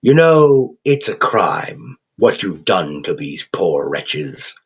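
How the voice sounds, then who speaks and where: A man's voice: low-pitched, sing-song, takes it slowly, slightly rough, full character voice. A man voicing a gleeful raven-headed male demon game show host, crooning and mocking with an English accent. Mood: taunting. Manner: cheerful crooning showman, mocking. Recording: dull lo-fi recording.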